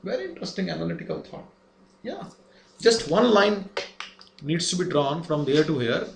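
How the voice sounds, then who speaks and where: A man's voice: fairly high pitch, big pitch swings, normal speed, gravelly, a little hiss or hum. A man giving a lesson, explaining step by step and asking rhetorical questions. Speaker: instructor. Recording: echoey room, faint ambience.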